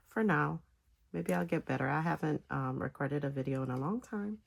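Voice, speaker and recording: A woman giving a casual step-by-step knitting tutorial, talking in halting phrases with pauses between them. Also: deep voice, creaky. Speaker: knitting instructor.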